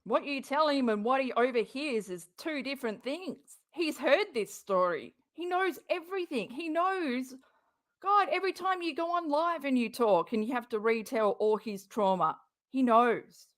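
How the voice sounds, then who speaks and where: A woman's voice: sits high, animated, normal speed. A woman hosting a reaction channel, commenting on a clip in a sarcastic, profane, mocking way.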